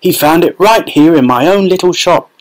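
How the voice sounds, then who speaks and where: A man voicing an excitable, well-fed middle-aged shopkeeper who shouts with excitement in a storybook reading. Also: mid-range voice, moderate pace, lightly acted, low-quality recording. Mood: ecstatic.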